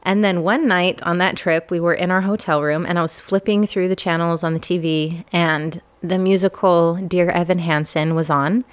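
A woman's voice: lowish voice, fairly even intonation, normal speed, few pauses, clean tone. Candid woman telling a personal story. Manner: candid, self-deprecating, laughs often.

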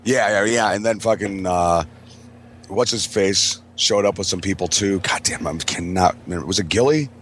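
A man with a fairly low voice tells a loose, rambling story, swearing constantly and laughing as he goes. Faint room ambience sits quietly behind him on this casual podcast recording. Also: moderate pace, slight background noise. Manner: profane, rambling, laughs often. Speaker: podcast co-host. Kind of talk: casual storytelling among friends.

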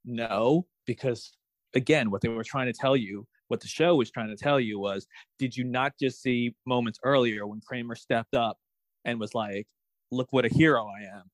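A man's voice: mid-range voice, moderate pace, no echo. Opinionated man talking, dry close sound. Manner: opinionated, rambling with restarts. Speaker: podcast co-host. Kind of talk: casual TV episode discussion.

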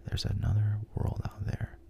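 A man's voice: normal speed, warm tone, highs cut off, lightly acted. A man in whispered role-play voicing a weary, stubborn aging male superhero. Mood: wistful.

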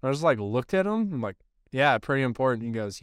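A man's voice: medium pitch, big pitch swings, fairly quick, clean tone, no echo, clean studio sound. A man hosting a podcast, telling a casual story in a rambling, profane way with lots of filler words. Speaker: podcast host.

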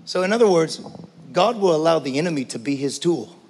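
A man preaching a sermon as pastor, passionate, swinging between hushed talk and shouting. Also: on the high side, animated, brisk, in a large hall, a little hiss or hum. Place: church.

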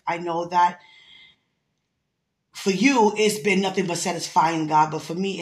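A woman's voice: lowish voice, echoey room. A woman talking casually and fondly to someone she loves, breaking into prayer and laughing often. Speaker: vlogger. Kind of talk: casual heartfelt talk to camera.

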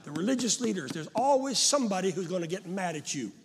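An older man preaching a fervent sermon to a congregation, often rising to shouts. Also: high voice, expressive, quick pace. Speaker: pastor.

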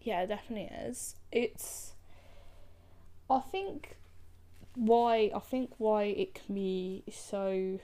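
A woman's voice: medium pitch, takes it slowly, long pauses, mellow. A woman artist in casual chat, talking in loose sentences full of fillers that often trail off.

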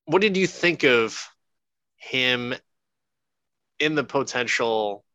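A man's voice: medium pitch, expressive, slow pace, sharp tone, no room sound, lo-fi sound. A man co-hosting a podcast, chatting casually and jokingly about a movie, a little profane and rambling. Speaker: podcast co-host. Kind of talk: casual movie review chat.

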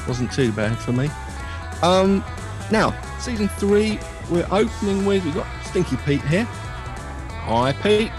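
A man's voice: high voice, animated, slow, music in the background. A man hosting a casual chat show, talking in a chatty, joking way with rambling asides. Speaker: podcast host.

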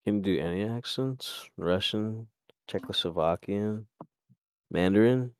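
A young man with a lowish voice, chatting loosely on a podcast and cracking jokes. He swears freely and keeps poking at the others. The sound is dry and close, with no room around it. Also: measured pace, no room sound. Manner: joking, swearing, trying out silly accents. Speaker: podcast co-host. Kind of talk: casual chat.

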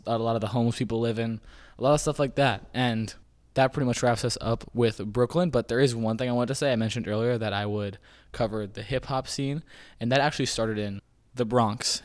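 A man hosting a podcast, explaining things in a loose, rambling way, often saying "kind of" and "like". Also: medium pitch. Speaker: podcast host. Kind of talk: casual informational talk.

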